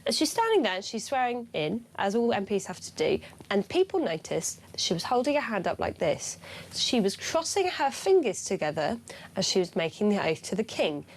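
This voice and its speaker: A woman's voice: mid-range voice, sing-song, normal speed, slight background noise. A woman co-hosting a breakfast radio show in a studio, talking in a sarcastic, indignant way. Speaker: radio co-host.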